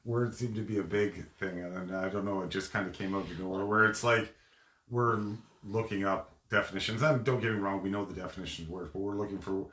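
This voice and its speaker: Man co-host, casual live chat, deep-ish voice, halting restarts, roomy echo. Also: fairly even intonation, fairly bright tone. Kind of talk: casual conversational live stream.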